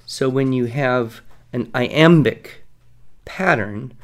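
Gravelly man explaining poetic meter. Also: mid-range voice. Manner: explanatory, recites verse slowly and rhythmically. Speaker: podcast co-host teaching writing. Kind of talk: conversational teaching.

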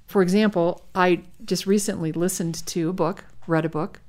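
A woman's voice: on the low side, steady tone, moderate pace, darkish tone. A woman co-hosting a podcast, listening attentively and chatting casually. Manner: attentive, frequent short affirmations. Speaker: podcast co-host. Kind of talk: casual chat.

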